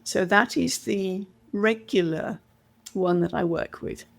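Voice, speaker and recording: A woman's voice: mid-range voice, slow pace, vocal fry. A middle-aged British woman, a communication coach, telling stories in a podcast interview and acting out what others said. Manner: animated storyteller, acts out quoted voices.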